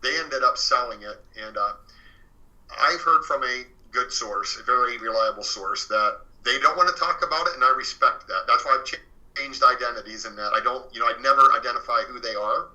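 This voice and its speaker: A man tells his story as an interview guest, speaking earnestly and often circling back with fillers and restarts. His voice has a sharp, very bright edge, heard through slightly muffled, lo-fi audio. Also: mid-range voice, fairly quick.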